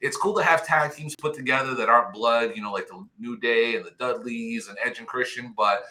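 A man's voice: medium pitch, a little fast, sharp tone. A man talking casually on a podcast, rambling with lots of "you know" and fan enthusiasm. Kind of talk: casual chat.

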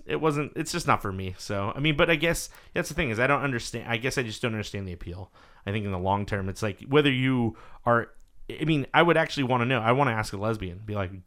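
A man hosting a podcast, telling stories in casual chat, swearing freely and acting out what people said. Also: fairly low pitch. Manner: animated storyteller, swears freely, acts out quotes. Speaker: podcast host.

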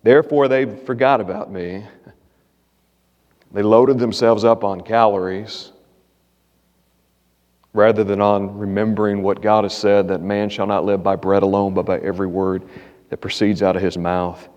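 A man's voice: level tone, normal speed. A man preaching a sermon as pastor, earnest, lifting his voice when he reads scripture aloud. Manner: earnest preaching, rises in pitch reading scripture. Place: church sanctuary. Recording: echoey hall, muffled sound.

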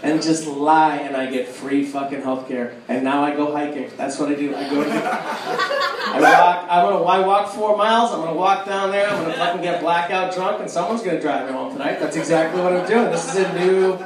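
A man doing a live stand-up set, ranting loudly and profanely on a club stage while the audience laughs. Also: a little high, fairly quick, crowd noise. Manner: loud, profane, ranting delivery. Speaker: stand-up comedian. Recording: echoey club recording from a distance. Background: audience ambience and laughter.

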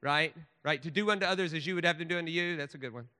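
A man's voice: on the high side, very fast, pushed and bright, clear, resonant tone, big-room sound. A man preaching a sermon in a church sanctuary, emphatic, with frequent stammered restarts.

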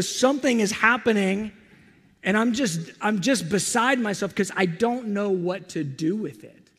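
A man preaching, telling a story with animated, excited energy. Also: high voice, vocal fry, long reverb tail. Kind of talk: storytelling sermon.

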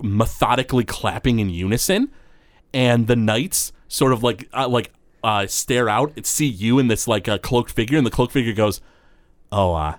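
A man's voice: medium pitch, no echo. A man running a tabletop game as game master, narrating with lots of fillers. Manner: rambling, many fillers.

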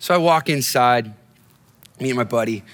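A man's voice: mid-range voice, moderate pace, a bit bright. A male pastor preaching a sermon in a conversational, storytelling way, often restarting his phrases. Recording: long hall reverb.

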